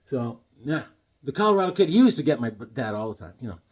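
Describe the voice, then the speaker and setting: Goofy, rambling husky-voiced man. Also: medium pitch, very animated, quick pace, darkish tone. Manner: playful, goofy, rambling jokes. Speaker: comic book vlogger. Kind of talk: casual comic collecting chat.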